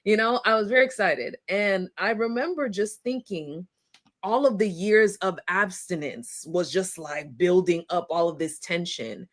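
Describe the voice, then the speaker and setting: A woman in a casual faith-based podcast chat, speaking candidly, quickly and expressively. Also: fairly low pitch.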